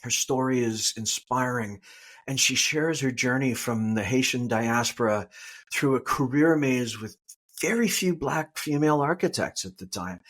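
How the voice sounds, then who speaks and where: A man's voice: medium pitch, a bit bright. A man with an Eastern Canadian accent, hosting a podcast and reading friendly, self-deprecating introductions to past guests. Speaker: podcast host.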